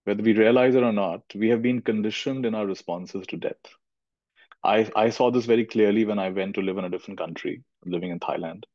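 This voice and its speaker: Speaking briskly in a fairly low, slightly mellow voice, a middle-aged Indian teacher offers a thoughtful spiritual talk. He repeats phrases for emphasis, and the dull lo-fi recording has no room sound.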